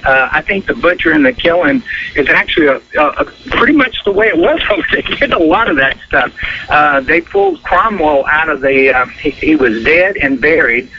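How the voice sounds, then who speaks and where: A man's voice: fairly high pitch, slight background noise. A man calling in to a radio show, chatting casually and rambling through stories with lots of fillers. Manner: rambling storyteller with many fillers. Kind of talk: casual phone-in chat. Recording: dull lo-fi phone call over radio.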